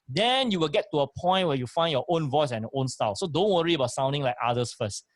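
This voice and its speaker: A man's voice: on the high side, animated, quick pace, dry recording, studio quality. A man, co-hosting a casual chat and coaching with emphatic, repeated points. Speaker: co-host and motivational speaker. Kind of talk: casual chat, giving advice.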